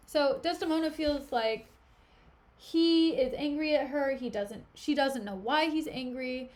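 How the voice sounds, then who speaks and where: A woman's voice: sits high, a little slow, a little mellow. A woman streamer reading a play aloud and explaining it in casual, slangy asides. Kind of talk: casual read-through with slangy paraphrase.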